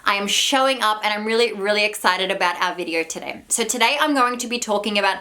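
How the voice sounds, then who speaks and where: A woman speaks straight to her viewers in an advice vlog, warm and encouraging. She sounds a little out of breath, with a voice of middle pitch. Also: fast talker. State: slightly out of breath. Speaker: vlogger and spiritual coach. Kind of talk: direct-to-camera advice vlog.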